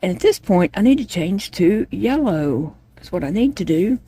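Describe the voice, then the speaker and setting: A woman's voice: mid-range voice, big pitch swings, moderate pace, dark tone, husky, no room sound. A woman chatting casually to viewers while she crochets at home, rambling from one thought to the next. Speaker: vlogger.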